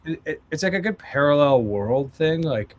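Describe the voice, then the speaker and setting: A man's voice: on the high side, lively intonation, moderate pace, over a noisy crowd. A man co-hosting a podcast in goofy, rambling casual chat over a video call. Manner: goofy, rambling, jokey voices. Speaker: podcast co-host.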